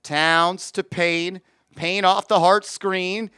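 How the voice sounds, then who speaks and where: High-voiced excitable man calling the game. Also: slow pace, smooth, no echo, studio quality. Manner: excitable, shouts on big plays, reads chat aloud. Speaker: fan streamer calling play-by-play. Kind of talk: live fan play-by-play commentary.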